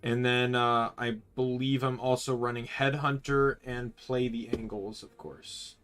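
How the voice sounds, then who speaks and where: A man's voice: mid-range voice, little pitch movement, unhurried, a bit bright, clear, resonant tone, faint music behind. A man casually commenting while playing a video game, rambling and correcting himself as he goes. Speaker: streamer.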